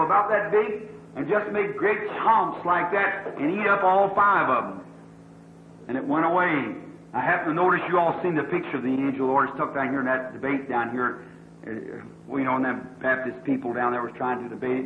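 A man's voice: a little high, slight background noise. A male preacher tells a story in a sermon, rambling and folksy and acting out the dialogue. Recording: tinny lo-fi echoey old sermon tape.

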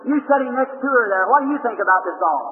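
A man with a very high voice preaches at a revival meeting and calls out people in the crowd one by one. He fires quick, short questions at them. The tape is thin and phone-like, with a long hall echo and faint hiss. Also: animated. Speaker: healing evangelist. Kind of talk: revival healing sermon. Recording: old tinny archival hall recording.

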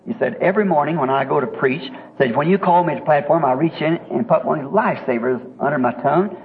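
A man's voice: fairly high pitch, quick pace, few pauses. A man with a Southern American accent, telling a folksy, homespun story in a sermon, chuckling as he goes. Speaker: preacher. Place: church meeting. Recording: tinny lo-fi old tape with faint hiss.

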